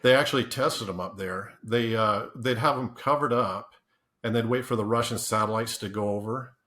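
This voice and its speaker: A man with a fairly low pitch and sharp tone talks at a moderate pace while telling easygoing stories as a podcast guest. In the interview he rambles, restarts, laughs often, and acts out quotes.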